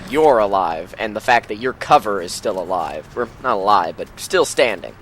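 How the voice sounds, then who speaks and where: A man joking sarcastically while watching a friend play a shooter game, often trailing off into a low mutter. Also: lively intonation, moderate pace, fairly bright tone, a little hiss or hum. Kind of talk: casual let's play commentary.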